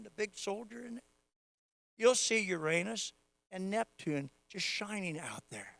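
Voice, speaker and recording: A man preaching a sermon, moving from casual teaching to loud, fervent prayer. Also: high-pitched, dry recording. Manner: acts out quoted voices of God playfully. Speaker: pastor.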